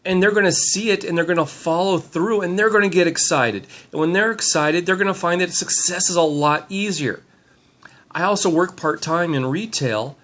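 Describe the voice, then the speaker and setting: A man's voice: sits high, normal speed, a bit bright. Upbeat middle-aged man rambling on camera. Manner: upbeat, rambling, lots of fillers. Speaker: team leader giving motivational talk. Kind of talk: handheld motivational vlog. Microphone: handheld camera mic.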